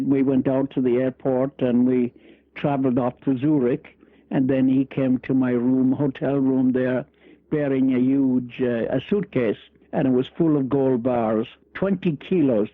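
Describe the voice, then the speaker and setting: A man's voice: mid-range voice, dry recording. An older Irish man, a guest author, telling rambling, humorous stories with frequent restarts and chuckles. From Ireland. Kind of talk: storytelling interview chat. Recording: tinny phone-line radio audio.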